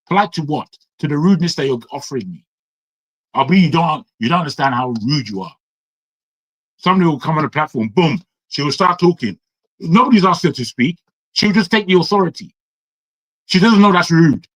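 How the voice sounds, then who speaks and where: A man from England speaking in an online discussion, defiant and forceful, firing heated rhetorical questions. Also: on the high side, lively intonation, brisk, dry recording, rough recording. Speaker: audience speaker. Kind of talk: impassioned talk on an online call.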